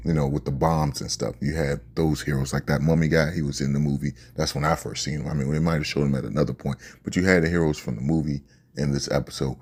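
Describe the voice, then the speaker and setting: Very deep husky-voiced man. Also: a little mellow. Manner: laid-back slangy talk, says "yo" and "man" often. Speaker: anime reaction channel host. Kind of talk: casual reaction commentary.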